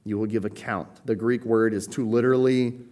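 A man who is a pastor, preaching a teaching sermon and explaining Greek words, often checking in with a quick "right?". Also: on the low side, fairly even intonation, warm tone. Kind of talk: expository sermon.

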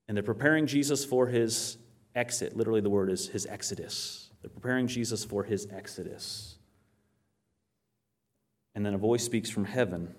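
The sermon comes from a man with a lowish voice speaking at normal speed. He brings his Bible teaching to life through animated stories, reading scripture aloud and raising questions he then answers himself.

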